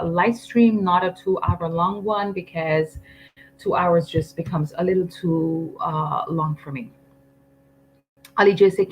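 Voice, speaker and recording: A woman's voice: on the low side, slight background noise, rough recording. A woman teaching English on a live stream, chatty and firm, reading out viewer comments with lots of ums.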